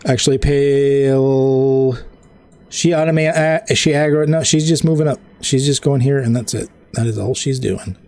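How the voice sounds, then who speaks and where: A man's voice: mid-range voice, fairly even intonation, moderate pace, mellow, no room sound. A man running an online tabletop game as game master. He explains the rules patiently and thinks aloud.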